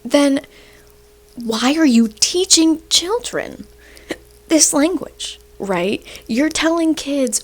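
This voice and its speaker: Young woman, sarcastic rambling rant, a bit breathless, fairly high voice. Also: slow pace. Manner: animated, sarcastic, rambling with fillers. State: short of breath. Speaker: video host. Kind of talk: casual rant to camera.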